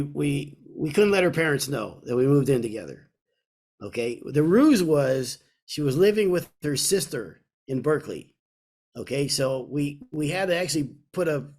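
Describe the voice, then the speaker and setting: A man in his sixties from Kentucky, co-hosting a podcast and telling a personal story in a casual, animated way. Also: on the high side, normal speed. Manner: animated storyteller, acts out voices in quotes. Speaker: podcast co-host.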